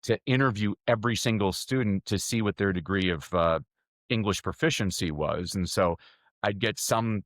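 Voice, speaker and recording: A middle-aged man, a speaking coach, telling stories energetically as a podcast guest, his voice jumping up in pitch. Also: normal speed, no room sound. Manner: energetic storyteller with sudden jumps in pitch. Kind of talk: podcast interview answers.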